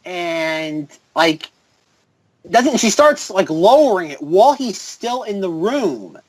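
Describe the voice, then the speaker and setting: Guy on a movie podcast, kinda high voice, rambly recap full of "like", dry close sound. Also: big pitch swings, takes it slowly, no echo, poor audio. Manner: rambling, filler-heavy recaps with mocking quoted lines. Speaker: podcast co-host. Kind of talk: casual chat.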